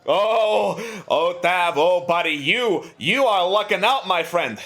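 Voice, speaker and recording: A man's voice: high-pitched, expressive, takes it slowly, crowd noise. A man narrating a tabletop game as game master, chatty and full of fillers.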